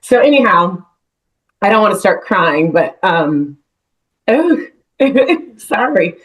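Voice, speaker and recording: A woman speaking on a team video call, teary, halting and apologetic. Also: medium pitch, sing-song, poor audio. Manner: halting, with nervous laughs and apologies. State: teary, voice wavering. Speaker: real estate agent on a team call. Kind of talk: personal sharing on a video call.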